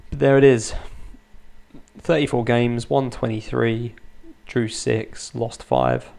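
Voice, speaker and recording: A thirties gaming YouTuber records Let's Play commentary at home late at night, speaking softly so his sleeping kids won't wake. His voice is medium in pitch and creaky, with a slow pace and fairly steady intonation. He stays restrained, and his humour is dry and self-deprecating.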